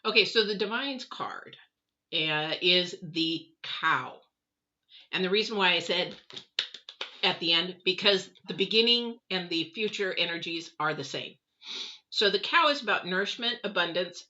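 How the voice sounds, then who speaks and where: Chatty woman giving a bright tarot reading. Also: lowish voice, highs cut off. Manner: chatty and rambling, self-deprecating asides. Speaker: tarot reader. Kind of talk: casual live tarot reading.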